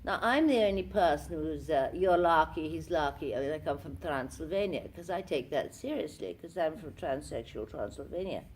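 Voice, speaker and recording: A woman's voice: low voice, lively intonation, normal speed, few pauses, a little mellow, slight background noise. An older actress telling theatrical anecdotes in a convention interview, acting out the lines she quotes. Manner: theatrical storyteller who acts out quotes. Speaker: actress guest. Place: convention room.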